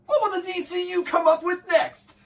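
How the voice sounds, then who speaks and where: A man putting on a shrill, wailing voice for a vain, jealous male trickster god villain in a comedy skit. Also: little pitch movement, normal speed, distant mic. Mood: whining, indignant.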